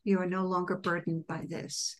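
A middle-aged woman, a composer, telling personal stories in an interview and acting out her own past words with lively emphasis. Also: on the low side, moderate pace. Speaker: composer and author, guest. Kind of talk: conversational interview storytelling.

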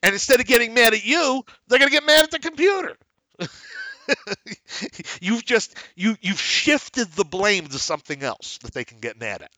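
A man's voice: extremely high pitch, moderate pace, dry recording. A man hosting a podcast, teaching negotiation in a blunt, emphatic way and acting out bits of dialogue. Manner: lively, acts out dialogues in different voices. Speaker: podcast host teaching real estate investing. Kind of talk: instructional podcast talk.

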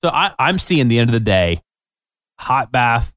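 A man in a casual chat who laughs easily and talks in a relaxed way. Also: mid-range voice, a little slow, dry recording, clean studio sound.

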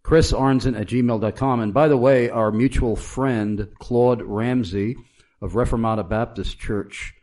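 A man hosts a live radio program in a brisk manner, tossing in affirmations and moving the show to its break. He has a plain, mid-pitched voice. He asks listeners to write in quickly before time runs out. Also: fairly even intonation, a little mellow. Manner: brisk, affirming with amens and hallelujahs.

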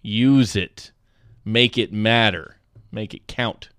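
A man's voice: on the low side, slow pace, a bit bright, dry recording. An easygoing man co-hosting a casual chat, laughing often and telling stories. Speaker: podcast co-host.

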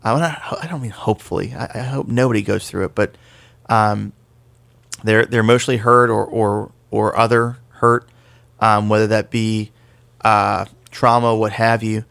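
Low-ish guy chatting on a faith podcast, laid back and explainy, cracks a joke at himself now and then. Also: steady tone, moderate pace, gravelly, a bit bright, no room sound. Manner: conversational, explanatory, self-deprecating jokes. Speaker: podcast co-host. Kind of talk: casual faith discussion podcast.

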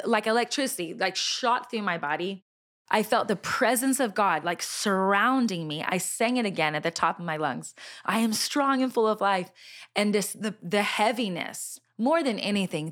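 Earnest storytelling middle-aged woman. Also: fairly low pitch. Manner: animated, earnest storytelling with many fillers and restarts. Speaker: Christian singer sharing a testimony. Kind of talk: personal storytelling in conversation.

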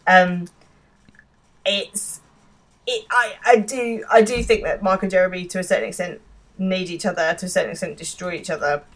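A woman's voice: fairly low pitch, fairly even intonation, moderate pace. A woman co-hosting a podcast, thinking aloud casually about a TV episode's characters. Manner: chatty and musing, thinking aloud with fillers. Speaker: podcast co-host. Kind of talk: casual chat discussing a TV episode.

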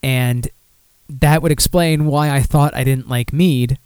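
A man's voice: medium pitch, steady tone, measured pace, darkish tone, clean tone, no room sound. A man hosts a casual beer podcast from a room at home, rambling and poking fun at himself. His voice sits in a middle register, and it is recorded close on a desk mic with a dry, dead sound. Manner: rambling, self-deprecating, with many fillers and restarts. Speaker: podcast host.

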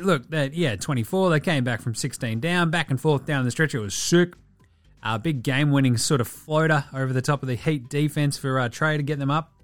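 A man's voice: medium pitch, a bit bright, dry recording. Swearing Australian man talking basketball. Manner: profane, joking, rapid asides. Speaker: basketball podcast host. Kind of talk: casual sports chat.

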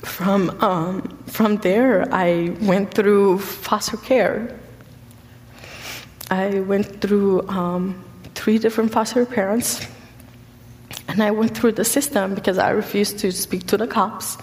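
A woman's voice: mid-range voice, fairly even intonation, a little mellow. Earnest woman in a reverberant hall. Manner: earnest, halting with frequent fillers. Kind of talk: personal testimony.

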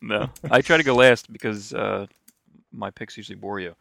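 A man's voice: fairly low pitch, normal speed, vocal fry, fairly bright tone, no room sound. A man co-hosting a gaming podcast, teasing dryly and laughing between remarks. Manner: dry teasing, laughs a lot. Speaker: podcast co-host. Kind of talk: casual chat.

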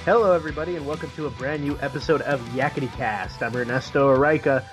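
A man's voice: mid-range voice, quick pace, loud music behind the voice. Casual podcast host, male, mid-range voice, jokey rambling storyteller. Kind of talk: casual chat.

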